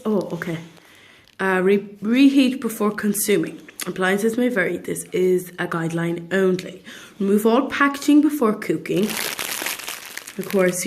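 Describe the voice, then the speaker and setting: A woman's voice: medium pitch, a little hiss or hum. A woman chatting casually in a daily vlog, upbeat and dropping to whispers at times. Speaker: vlogger.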